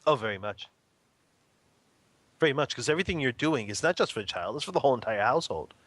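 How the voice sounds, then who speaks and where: A man in his thirties, a guest in an interview, telling a family story in a casual, lively way, laughing often and acting out quotes. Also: mid-range voice, fast, no echo.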